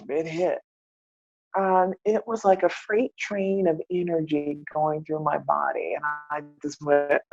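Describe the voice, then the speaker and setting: A woman with a gravelly, husky voice tells her life story as a podcast guest, animated and frank, often acting out what she once said. The sound is dry and a bit dull, like a modest lo-fi podcast recording. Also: on the low side, no room sound. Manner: animated, acts out her own past words. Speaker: podcast guest, spiritual mentor. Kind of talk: candid personal storytelling.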